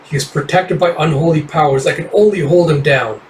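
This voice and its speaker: A man's voice: fairly high pitch, brisk, recorded from a distance, a little hiss or hum, lightly acted, rough recording. A man voicing a fierce warrior nun who sounds strained and urgent in battle. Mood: desperate.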